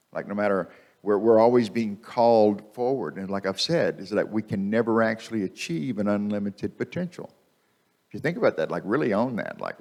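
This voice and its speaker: Man, low-pitched, casual preaching, repeats key phrases, church microphone. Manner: conversational, repeats phrases for emphasis. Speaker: guest speaker. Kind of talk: sermon. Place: church sanctuary.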